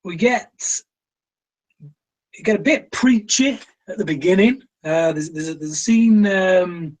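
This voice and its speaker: Slow-talking British man reviewing films. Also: high voice, a little mellow, low-quality recording. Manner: opinionated, frequent fillers and restarts. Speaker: film review host. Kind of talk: casual film review chat.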